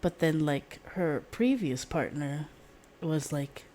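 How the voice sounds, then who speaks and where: Woman streamer, low voice, loose rambling chat, giggles a lot, swears freely. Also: expressive, slow pace, dark tone, slight background noise. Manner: rambling and giggly, laughs often; casual swearing. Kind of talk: casual chat.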